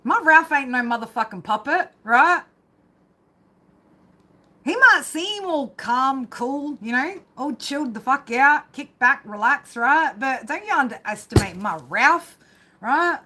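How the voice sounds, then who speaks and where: A woman's voice: high voice, lively intonation, measured pace, sharp tone. A woman giving a live tarot reading on a stream. She rambles casually and swears, and ends almost every phrase with "right?". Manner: rambling, casual and profane, constant "right?" tags. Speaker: tarot reader.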